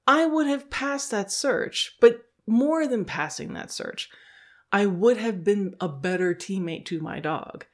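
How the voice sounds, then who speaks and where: Woman, podcast host, casual storytelling, self-mocking, frequent laughs, animated quoted reactions. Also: medium pitch. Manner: self-deprecating, laughs often, acts out her own thoughts.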